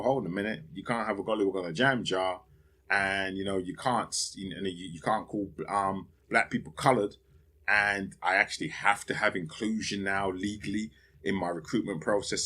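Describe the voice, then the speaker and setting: A man's voice: low-pitched, fairly bright tone, husky. A man hosting a podcast, rambling and profane in a casual solo monologue, laughing often. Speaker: podcast host.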